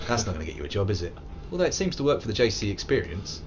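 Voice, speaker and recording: A man's voice: fairly low pitch, very animated, very fast, muffled recording, noisy background. A British man hosting a live let's play, chatting playfully and swearing often as he mocks himself. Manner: playful, sweary, self-mocking, bursts into silly voices. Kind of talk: live gameplay commentary.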